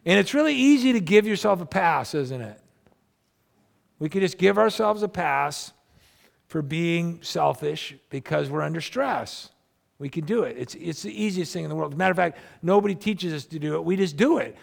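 A man's voice: high-pitched, normal speed, vocal fry. A man preaching a sermon to a congregation, talking animatedly and acting out people's complaints. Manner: animated, acts out quoted complaints. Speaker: pastor.

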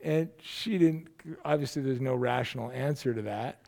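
A man's voice: mid-range voice, normal speed, gravelly, background noise. A middle-aged man, a pastor, preaching a sermon in a loose, conversational storytelling way, often restarting his sentences.

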